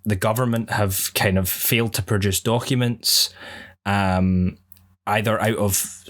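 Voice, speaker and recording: A man's voice: lowish voice, fairly even intonation, unhurried, fairly bright tone. A young man co-hosting a casual podcast, giving long, earnest, rambling opinions. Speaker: podcast co-host.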